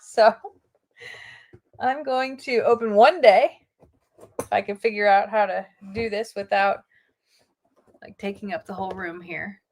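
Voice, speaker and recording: A middle-aged woman hosting a casual live stream, chatting excitedly with her viewers. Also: medium pitch, measured pace, pauses often, a little hiss or hum.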